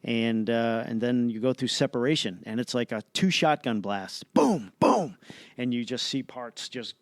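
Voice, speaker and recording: A man recounts an experience in an animated, play-by-play way, full of fillers and quick restarts. His voice is smooth and resonant at a middle pitch. The sound is dry and close, with no room around it. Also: no room sound. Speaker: astronaut guest. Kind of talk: casual storytelling in an interview.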